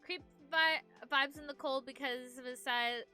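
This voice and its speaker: A woman's voice: sits high, fairly even intonation, moderate pace, pushed and bright. A young woman streaming from home, chatting casually and rambling as she reads viewer messages aloud, with faint music behind her. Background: faint background music.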